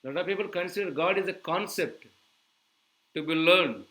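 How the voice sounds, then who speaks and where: A man preaching to his listeners. His voice sits a little high and rings bright and forceful. He keeps turning to the audience with quick rhetorical questions, animated throughout. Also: poor audio. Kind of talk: sermon.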